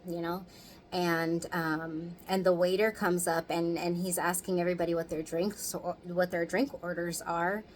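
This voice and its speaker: A woman in her thirties chats to camera in a lowish voice, loose and candid, with curse words slipping in freely. A faint hum of room sound sits behind her. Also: rough recording. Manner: candid, chatty, swears freely, laughs often. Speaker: vlogger. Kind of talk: casual storytime chat.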